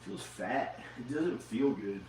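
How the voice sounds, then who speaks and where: A man vlogging at home, muttering slowly and quietly to himself. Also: lively intonation, reverberant, far from the mic, a little hiss or hum. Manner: slow, low muttering to himself. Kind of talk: rambling self-filmed vlog. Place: his house, indoors.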